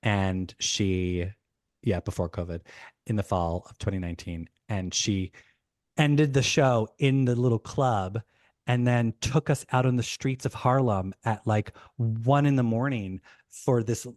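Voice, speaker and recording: A man, a podcast guest, telling an animated story in casual talk, rushing and restarting his sentences. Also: on the low side, dry recording, clean studio sound. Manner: animated, rushed retelling with many restarts.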